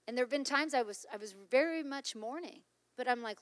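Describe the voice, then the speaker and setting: A woman's voice: sits high, brisk, in a large hall. A middle-aged woman preaching a sermon in a conversational, emphatic way, often acting out little exchanges of dialogue.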